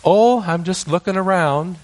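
A nervous eight-year-old boy, caught red-handed, pipes up in a high, eager little voice, as a man telling a family story puts him on. His words come in quick, earnest bursts while he insists he is innocent.

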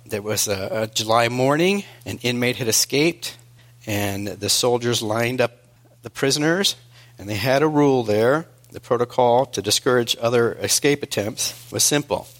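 A male preacher delivering a sermon in an earnest storytelling manner, moving between hushed and emphatic. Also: mid-range voice, moderate pace.

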